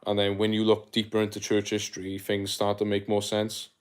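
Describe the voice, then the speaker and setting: Young south welsh guy on a livestream, chill and chatty, reading comments out, lowish voice. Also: fairly quick, clear, resonant tone. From South Wales. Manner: relaxed, chatty, uses slang like mate and my guy. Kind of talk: casual live-stream chat reading comments.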